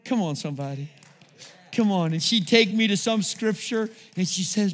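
With a high-pitched, expressive voice at a moderate pace, a male pastor preaches in a church sanctuary where the sound has a long reverb tail. He calls out to his congregation throughout, inviting their responses.

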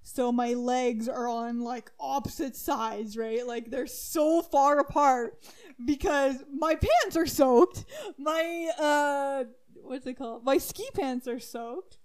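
Giggly high-pitched young woman telling a story. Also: slow, smooth. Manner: animated, laughing, squeals when excited, many "like"s. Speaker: storyteller co-host. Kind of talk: casual storytelling chat.

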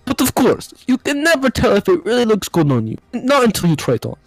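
A man's voice: sits high, sing-song, fast, no room sound, faint music behind, exaggerated voice, poor audio. A man voicing a pushy, creepy female shop assistant in a game read-along, with sly, mock-polite sales patter. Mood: smarmy. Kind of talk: joking voice-acting of a game scene.

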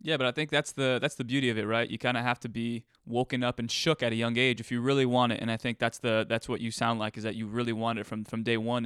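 Interview host guy, talks quick, smooth clear voice, agrees a lot and reflects stuff back. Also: medium pitch, fairly bright tone, dry recording, studio quality. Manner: reflective and affirming. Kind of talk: casual interview talk.

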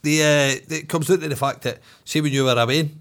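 A man co-hosting a podcast, telling stories in an animated, sweary way. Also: on the high side, quick pace. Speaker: podcast co-host. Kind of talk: casual chat.

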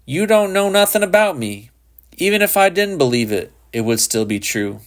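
A man voicing a defiant, scornful teenage boy who talks rough and sullen. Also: lowish voice, normal speed, close to an everyday voice.

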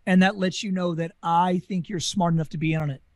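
Southern US man, former carnival talker, fast and animated, high voice, dry close sound. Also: no room sound. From Southern United States. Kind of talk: casual storytelling interview.

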